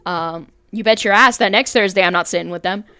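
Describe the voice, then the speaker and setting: A woman's voice: medium pitch, brisk, pushed and bright, clean tone, dry recording. Blunt, swearing young woman co-host. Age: young adult. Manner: blunt, swears freely, rambling storytelling. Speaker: podcast co-host. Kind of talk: casual chat.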